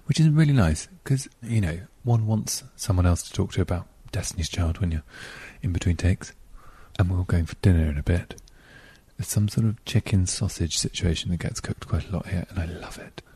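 A man's voice: sits low, vocal fry, mellow. A middle-aged man hosting a podcast, reading listener emails aloud with chatty, playful asides. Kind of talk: casual chat.

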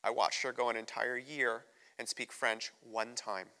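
A man's voice: medium pitch, steady tone, a little slow, sharp tone. A man from the United States preaching a candid, emotional sermon as a visiting missionary in a church sanctuary. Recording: long reverb of a church hall.

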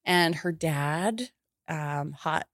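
A woman's voice: low-pitched, extremely slow, no echo, studio quality. A young woman in her twenties from Canada, telling a wild personal story in casual podcast chat, laughing often and swearing freely. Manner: laughing, profane, animated storytelling. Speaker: guest storyteller.

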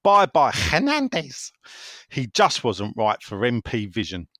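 A man's voice: on the low side, normal speed, fairly bright tone, dry recording. A man hosting a casual football chat show, reading out listener messages with wry, teasing asides and frequent self-interruptions. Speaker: football phone-in host.

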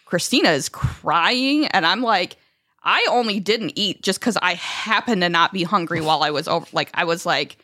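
A woman co-hosting a podcast, telling childhood family stories in a lively, casual way, swearing freely and acting out what others said. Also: on the low side, moderate pace, no echo. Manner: animated, swears freely, acts out quotes. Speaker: podcast co-host. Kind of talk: casual storytelling chat.

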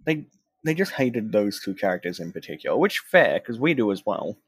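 A man's voice: fairly low pitch, very animated, normal speed, breathy edge, no echo. A man co-hosting a casual podcast, tired and self-deprecating. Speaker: podcast co-host. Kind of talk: casual chat.

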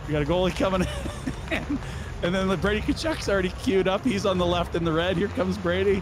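A man co-hosting a casual sports podcast, animated and laughing as he walks through photos. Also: high-pitched, fairly quick, noisy background. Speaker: podcast co-host.

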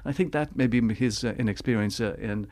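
A man's voice: mid-range voice, brisk, darkish tone. A man reviewing films in casual chat, rambling and hesitant with many fillers. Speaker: film reviewer.

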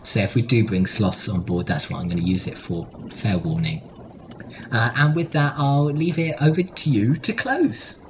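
A man's voice: mid-range voice, lively intonation, normal speed, a little hiss or hum, poor audio. A man co-hosting a podcast, joking through a mock-serious closing argument in casual chat. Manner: playful, mock-serious debating. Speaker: podcast co-host.

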